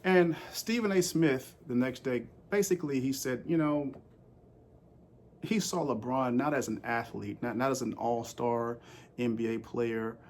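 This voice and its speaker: A man's voice: medium pitch, a little slow, a little hiss or hum. A man recording a casual sports commentary vlog, rambling with lots of fillers and putting questions straight to his viewers. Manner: rambling, with frequent fillers and restarts; asks the audience questions directly.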